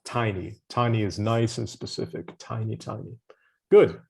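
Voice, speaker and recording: A man's voice: lowish voice, fairly even intonation, normal speed, creaky, dark tone, a little hiss or hum. Encouraging male English tutor. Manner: encouraging, gives hints and praise. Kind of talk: online vocabulary lesson.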